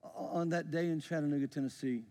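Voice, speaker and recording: A man's voice: a little high, fairly even intonation, fast talker. Man, pastor, forties, impassioned sermon, long hall reverb. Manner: impassioned, swelling then dropping to a hush. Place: church sanctuary.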